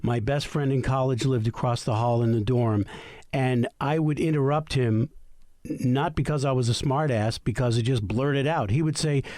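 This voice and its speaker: A man's voice: mid-range voice, normal speed, darkish tone, no echo, studio quality. A middle-aged man, the host's husband, telling rambling, sarcastic anecdotes in a casual podcast chat.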